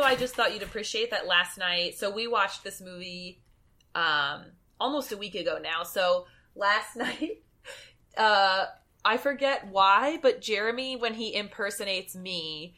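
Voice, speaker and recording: A woman hosting a podcast in casual chat, an animated and jokey storyteller. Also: medium pitch. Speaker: podcast host.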